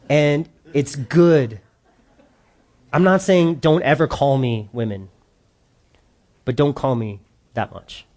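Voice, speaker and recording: A man's voice: fairly high pitch, darkish tone. A middle-aged male pastor giving a conversational sermon, acting out short quoted voices as he preaches.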